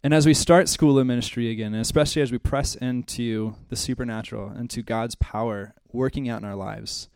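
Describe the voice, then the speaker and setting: Earnest pastor, dry close sound. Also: male voice, mid-range voice, steady tone, brisk, gravelly, hardly any pauses, clear, resonant tone, dry recording. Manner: earnest, heartfelt storytelling that turns to quiet prayer. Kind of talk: church class welcome and prayer. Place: church classroom.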